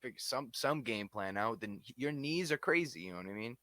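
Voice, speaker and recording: A man co-hosting a casual podcast, talking fights in an excitable way, swearing freely and often adding "you know what I mean". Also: medium pitch, fairly quick. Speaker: podcast co-host. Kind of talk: casual fight-talk chat.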